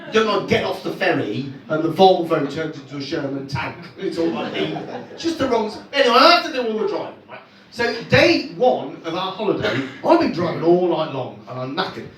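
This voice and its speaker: A man performing stand-up, telling stories in an exasperated, swearing manner with sudden jumps in pitch. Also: big pitch swings, a little fast, fairly bright tone. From England. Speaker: stand-up comedian. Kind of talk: stand-up routine. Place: comedy club stage. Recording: echoey club, distant mic, audience laughing.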